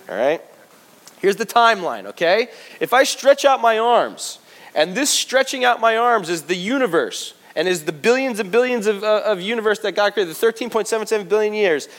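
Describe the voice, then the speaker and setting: A man preaching a sermon to his congregation, lively and joking, talking straight to them. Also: high voice. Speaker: pastor. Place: church service before a congregation.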